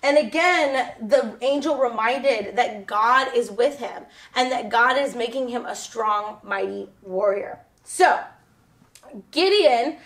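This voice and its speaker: A woman's voice: fairly high pitch, takes it slowly, a bit bright. A woman retelling a Bible story for children in a casual, rambling way, with lots of fillers and self-corrections.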